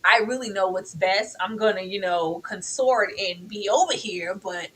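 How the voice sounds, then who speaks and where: A woman co-hosting a casual TV review, talking in an animated way and scolding the characters as if they could hear her. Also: mid-range voice, moderate pace, husky, low-quality recording. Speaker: co-host of a TV review show. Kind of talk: casual TV recap chat.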